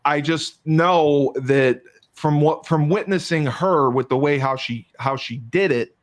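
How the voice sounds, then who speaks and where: A man's voice: a little high, a little slow. A man hosting a podcast in a casual chat, self-deprecating, joking and swearing a lot. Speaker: podcast host.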